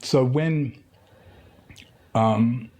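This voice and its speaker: A man's voice: mid-range voice, very slow, a little mellow. A middle-aged man, from Tasmania, talking casually as an interview guest and rambling through stories with many fillers and restarts. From Tasmania, Australia.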